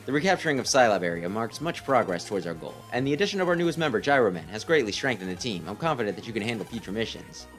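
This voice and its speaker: A man's voice: lowish voice, very animated, fairly bright tone, soft background music. Man reading a formal team commander. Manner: formal, measured.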